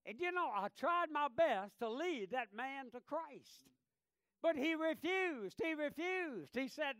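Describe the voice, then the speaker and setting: High-voiced, slow-preaching man. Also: expressive, no room sound, studio quality. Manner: impassioned, swinging from hushed to loud; reads scripture aloud in King James wording. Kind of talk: sermon.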